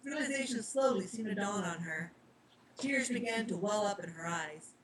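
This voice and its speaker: A woman reads a story aloud, her narration soft and plain, her pitch in a middle range. A faint hiss of noise runs under her voice. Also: animated, moderate pace, rough recording. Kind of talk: storybook reading.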